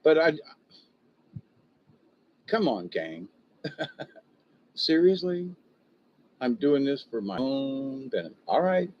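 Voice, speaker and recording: A man's voice: mid-range voice, big pitch swings, a little slow, pauses often, a little hiss or hum. Older man venting on a lo-fi livestream. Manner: frustrated, rambling, self-interrupting. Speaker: livestream host reading viewer comments.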